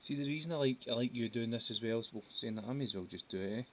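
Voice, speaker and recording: A man's voice: mid-range voice, racing, poor audio. A Scottish man hosting a casual live drawing stream, chatty and giggly, hopping from topic to topic. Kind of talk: casual chat while drawing. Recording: faint hiss.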